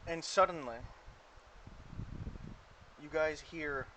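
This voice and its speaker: Rambling game master, voice on the high side. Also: male voice, slow pace, pushed and bright, a little hiss or hum, poor audio. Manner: rambling narration full of fillers and restarts. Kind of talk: narrating an online tabletop game.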